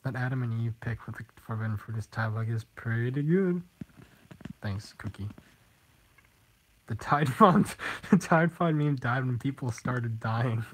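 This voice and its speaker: This teenage streamer has a medium-pitched, slightly rough voice, speaking unhurriedly with frequent pauses in a low-quality recording. He casually chats with viewers and reads their comments, rambling and giggling a lot.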